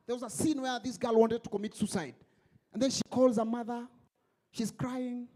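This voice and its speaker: A man hosting a stand-up comedy show on stage, animated and mixing English with Swahili. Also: extremely high pitch, moderate pace.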